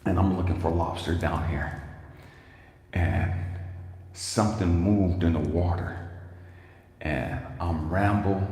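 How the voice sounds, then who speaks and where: A man's voice: deep voice, animated, unhurried, pauses often, a little mellow. A man, a life coach, telling a livestreamed motivational story in an emphatic, casual way, swearing freely and talking straight to his viewers. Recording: echoey room with long reverb and faint noise.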